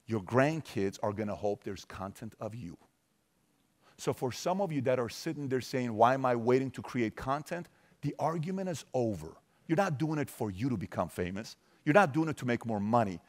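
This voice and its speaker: A man in his forties, from Iran, giving a motivational talk to a live audience, emphatic and questioning the crowd directly, turning soft for personal stories. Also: medium pitch, expressive, moderate pace. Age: 40s. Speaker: motivational speaker.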